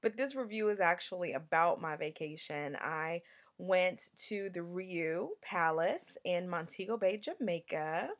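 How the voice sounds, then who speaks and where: Casual woman reviewer, lowish voice, candid and playful, loose and chatty. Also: unhurried. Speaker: travel reviewer.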